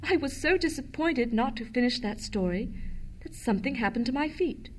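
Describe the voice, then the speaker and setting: A woman's voice: sits high, lively intonation, moderate pace, slight background noise, rough recording. A woman voicing a lonely, impish boy statue come to life, eager and pleading.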